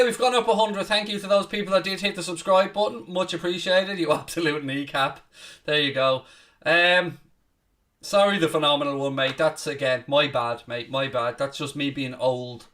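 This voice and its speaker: A man's voice: a little high, moderate pace, distant mic. Chatty man commentating a match live. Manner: casual, chatty, bursts into loud excited shouts at big chances; self-deprecating, swears casually. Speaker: host of a live football watchalong.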